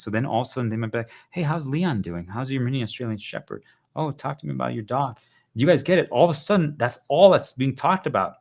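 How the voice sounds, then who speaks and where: A male livestreamer giving an urgent, insistent motivational monologue to his viewers, hammering points home with repeated phrases. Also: medium pitch.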